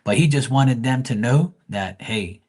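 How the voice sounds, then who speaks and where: A man chats loosely while telling a story, a psychic reader on a livestream. He swears freely and rambles, often breaking off and restarting his sentences. His voice sits at an everyday middle pitch. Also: normal speed, a little mellow. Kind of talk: casual storytelling.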